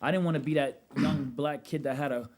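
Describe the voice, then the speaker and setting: Podcast guest: Brooklyn man, New York accent, 30s, animated storyteller, slangy. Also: a little high, brisk. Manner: animated storyteller, street slang, frequent "you know what I'm saying". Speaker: podcast guest, rental business owner. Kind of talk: casual podcast conversation.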